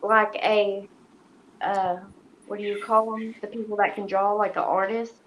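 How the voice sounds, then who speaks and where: A woman's voice: mid-range voice, level tone, unhurried. A woman guest in a casual chat, talking hesitantly and rambling, with some self-deprecating humor. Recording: slightly muffled sound.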